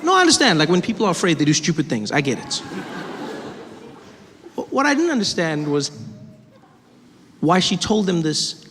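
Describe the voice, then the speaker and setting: A man's voice: moderate pace, long pauses, slight background noise. A man from South Africa performing a stand-up comedy set, telling stories and acting out the people in them. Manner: animated storytelling, acts out voices with big pitch jumps.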